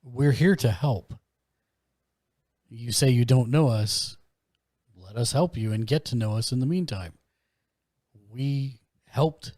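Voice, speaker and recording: A man's voice: mid-range voice, slow, long pauses, darkish tone, dry recording, studio quality. A man voicing an earnest male adventurer in a tabletop game, urging a mayor to accept help. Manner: earnest and persuasive.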